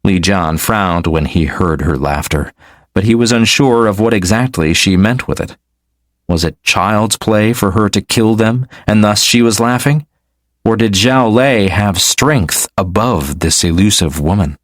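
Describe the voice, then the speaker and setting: A male audiobook narrator with a fairly low voice reads in a steady, measured way. The recording is dry and close, with no room sound. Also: dry recording. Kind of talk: scripted narration.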